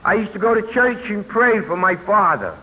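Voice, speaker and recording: An older New Yorker gives personal testimony at a recovery convention, telling his story plainly with folksy asides. His voice sits high and sounds expressive at a normal speed. The recording is muffled old tape with hiss.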